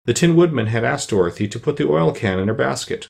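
A man narrating a children's storybook in a steady, even reading voice. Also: mid-range voice, fast talker, gravelly. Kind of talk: audiobook narration.

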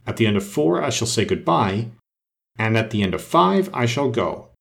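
A man voicing a brisk, commanding but kindly queen in a storybook reading. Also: mid-range voice, big pitch swings, gravelly, fairly bright tone. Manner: brisk, urging, matter-of-fact.

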